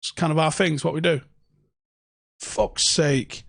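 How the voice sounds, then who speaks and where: A man's voice: fairly high pitch, steady tone, unhurried, vocal fry, no echo, clean studio sound. A young man hosting a casual fan livestream from home, ranting and swearing sarcastically. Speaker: fan channel host.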